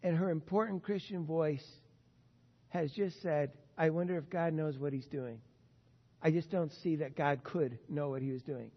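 A man preaching a sermon as pastor, earnest and emphatic, his loudness rising and falling. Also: on the high side, normal speed, big-room sound, highs cut off.

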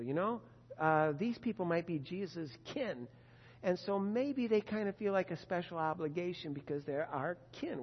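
A man's voice: sits high, in a large hall, dull audio. A man preaching a sermon in an earnest, conversational way, asking his listeners direct questions.

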